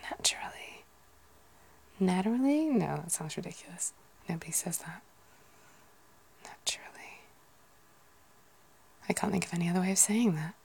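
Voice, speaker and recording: A British woman in whispered ASMR chat, musing aloud softly and rambling. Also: on the low side, gravelly, husky. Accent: British English.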